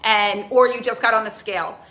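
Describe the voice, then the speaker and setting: A woman in her forties, a nutrition and mindset coach, talking casually to camera in a chatty, animated way. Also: a little high, brisk, roomy sound. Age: 40s. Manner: chatty and animated, acts out inner voices. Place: outdoors near a tree.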